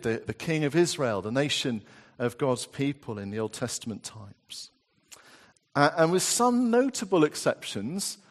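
A man preaching a sermon, reading scripture slowly and deliberately with emphatic rises. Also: mid-range voice. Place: church. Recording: long church reverb.

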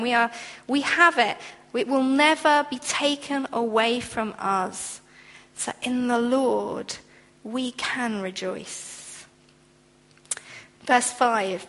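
Her sermon is delivered earnestly yet conversationally, with occasional performed quotations in other voices. The pitch is fairly high and the tone fairly bright, captured in a hall with long reverb.

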